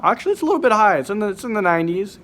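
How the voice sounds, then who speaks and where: Young male vlogger, a little high-pitched, sick-sounding, rambling through a handheld camera. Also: very animated, very fast, fairly bright tone, slight background noise. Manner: rambling, many fillers and restarts. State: sick, voice affected by illness. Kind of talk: casual vlog to camera. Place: hospital ward and car at night.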